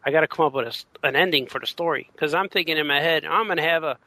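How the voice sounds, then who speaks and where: A comics creator, a man, chatting casually in a laid-back, halting way, often laughing. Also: a little high, bright, forceful tone, a little hiss or hum, low-quality recording. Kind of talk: casual chat.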